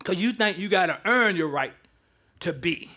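A man preaching a lively, conversational sermon to a congregation, joking with the crowd as he teaches. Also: high voice, moderate pace. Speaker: pastor. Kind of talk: interactive sermon. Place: church with live congregation.

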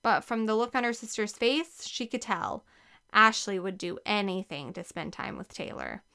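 A woman narrating a children's book with a lively, expressive reading. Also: mid-range voice, normal speed, creaky, smooth. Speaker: audiobook narrator. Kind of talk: scripted narration.

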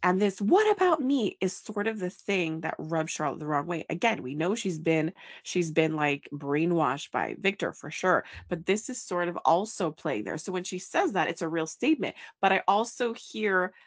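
A woman's voice: lowish voice, animated, normal speed, hardly any pauses, dry recording. A woman hosting a podcast, chatting casually and animatedly, often acting out lines with big swings in her voice. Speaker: podcast host. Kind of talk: casual chat recapping a soap opera.

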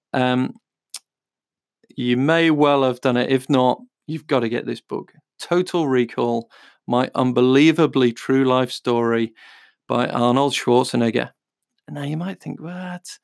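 A podcast host with a mid-range, gravelly yet clean voice talks casually about books he recommends, in a dry, clean studio recording. His delivery is chatty and rambling, full of fillers, and he reads blurbs aloud.

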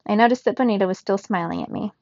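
A woman reading a children's novel aloud in a steady first-person narration. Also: medium pitch, racing, no room sound, lo-fi sound. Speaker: reader.

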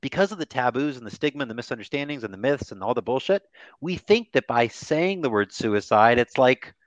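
A lively man talks candidly as a grief therapist. He slips into quoted voices and swears casually. The sound is muffled and dry with no room echo. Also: medium pitch, brisk. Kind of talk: candid podcast conversation.

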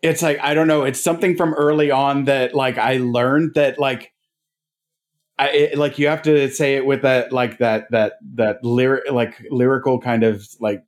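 A man's voice: medium pitch, fairly even intonation, moderate pace. Guy on a dad podcast, rambly, keeps saying like, laid back. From family ties to North Dakota. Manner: rambling, many "like" fillers, laughs easily. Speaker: podcast co-host. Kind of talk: casual chat.

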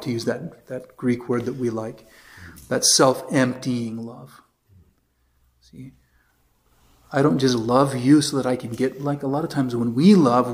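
Give me an American man of middling pitch as a priest giving an informal catechism lecture. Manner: conversational, tells anecdotes with quoted voices, reads passages aloud. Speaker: priest teaching a catechism class.

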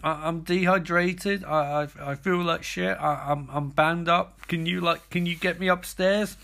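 A man voicing a dazed young man who stammers quietly and whines that he wants to go home. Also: fairly high pitch, fairly even intonation, measured pace, vocal fry.

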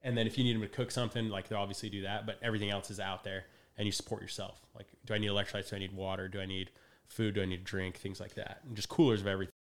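A man's voice: on the low side, little pitch movement, racing. A young adult man, a guest in a casual podcast conversation, who tells a story with energy, acts out quotes and laughs often.

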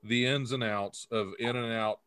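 A man's voice: medium pitch, fairly even intonation, normal speed, a bit bright, clear, resonant tone. A man hosting a casual comedy podcast, reading odd news stories aloud and laughing often. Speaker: podcast host.

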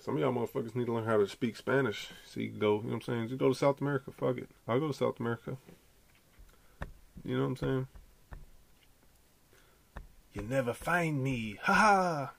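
A man hosting a podcast, delivering an animated, profane, slangy casual rant. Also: mid-range voice, fast talker, vocal fry. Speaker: podcast host.

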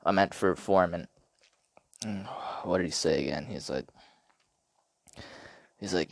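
A man hosting a podcast, telling stories in a rambling, profane, excitable way. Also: low voice, a little slow, long pauses, dry recording. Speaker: podcast host. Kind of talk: casual podcast storytelling.

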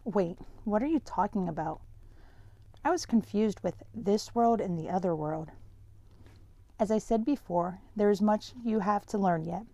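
A woman's voice: mid-range voice, unhurried, dark tone, no room sound. A woman reading a first-person story aloud in a plain, conversational way.

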